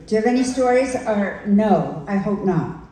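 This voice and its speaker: An older actress on a convention panel, telling a candid story and acting out the quotes in changing voices. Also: female voice, mid-range voice, animated, moderate pace, warm tone. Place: large convention room. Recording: echoey hall from far off.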